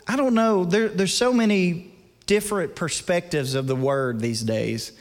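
A man preaching a storytelling sermon in a church service, chatty, laughing between lines and dropping to a hush for the tense parts. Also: high-pitched, unhurried, some chatter behind. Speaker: guest preacher and guitarist. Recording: long reverb from a large hall.

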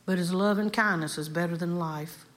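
A woman's voice: lowish voice, normal speed. A woman giving a fervent sermon as a guest preacher, building emphasis through repeated phrases. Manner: fervent, repetitive preaching cadence.

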